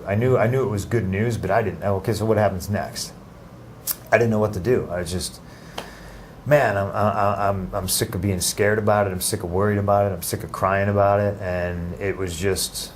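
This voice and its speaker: A man giving an interview in a casual, halting way, with many restarts and fillers. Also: sits low, slight background noise. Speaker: interview guest.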